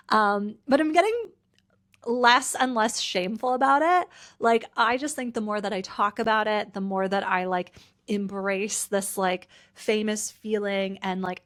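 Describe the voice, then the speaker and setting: With a mid-range, slightly bright voice, this Canadian woman hosts a laid-back solo podcast and works as a personal brand coach. Tired and a little teary, she keeps up a chatty flow full of "like" fillers and laughs through her tears.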